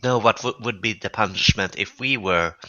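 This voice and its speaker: A man's voice: on the low side, normal speed, pushed and bright, dull audio. A man playing a tabletop game, chatting in a playful, joking way. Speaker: player. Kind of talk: casual chat at a game table.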